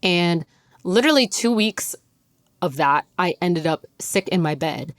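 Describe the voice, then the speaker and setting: A young woman chats on her podcast in a loose, rambling way, full of "like"s and easy laughter. Her voice sits a touch low, and she still sounds a bit worn from a recent illness. The sound is close and dry, with no room around it. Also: animated, measured pace, dry recording. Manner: chatty, lots of "like", laughs often. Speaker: podcast host. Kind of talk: casual chat.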